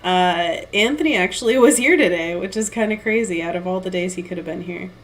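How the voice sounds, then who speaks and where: A woman's voice: lowish voice, a little fast, rough recording. A young woman artist streaming live, thinking aloud and reading chat in a giggly, self-deprecating way. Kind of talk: casual live-stream chat while painting.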